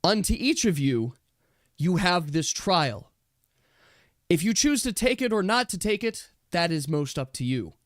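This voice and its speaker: Male GM voicing a stern tribal empress, slow, solemn pronouncements. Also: sits high, big pitch swings, a bit bright, dry recording, clean studio sound, full character voice. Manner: solemn, measured.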